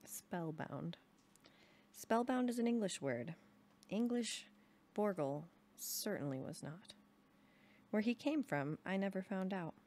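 A young adult woman calmly reading a novel aloud in an even storytelling manner. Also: mid-range voice, slow, long pauses. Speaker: reader.

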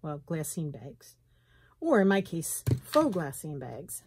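A middle-aged woman with a slight Southern US lilt, chatting and thinking aloud as she works on a craft journal in her sunroom, with soft laughs. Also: deep voice, sing-song, slow, noisy background. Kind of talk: casual craft tutorial chat. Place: home sunroom, indoors.

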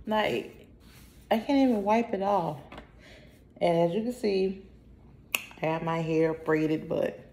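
A woman's voice: on the low side, warm tone. A woman, casually chatting to her viewers while unboxing a package, a little out of breath. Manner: chatty, talks to herself, sighs, drawn-out greetings. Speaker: vlogger.

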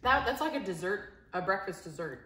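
A woman's voice: mid-range voice, lively intonation, brisk, a bit bright, echoey room. A woman chatting casually during a food taste test, laughing often and playfully dramatic. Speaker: co-host taste tester.

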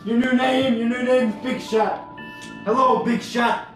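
High-pitched guy for a comedic VR let's play, brash and loud, in a very echoey room. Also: steady tone, unhurried, music in the background. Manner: brash, loud, trash-talking. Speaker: gamer.

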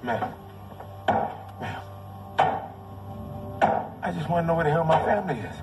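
Frantic cursing crash survivor. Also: male voice, on the high side, very animated, a little slow, very noisy. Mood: confused. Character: panicked crash survivor demanding his family.

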